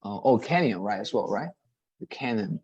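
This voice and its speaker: A man leads an online English lesson, patiently repeating each word and checking understanding. His voice sits at a mid pitch, and the recording is dry and close. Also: animated, darkish tone, breathy edge, no room sound, muffled recording. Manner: patient, repetitive, models pronunciations slowly, frequent "right?" checks. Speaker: English teacher.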